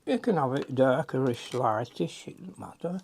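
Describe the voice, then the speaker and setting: A man's voice: medium pitch, lively intonation, moderate pace, vocal fry, a little mellow, husky. An older man, chatting and muttering to himself as he demonstrates a watercolour painting.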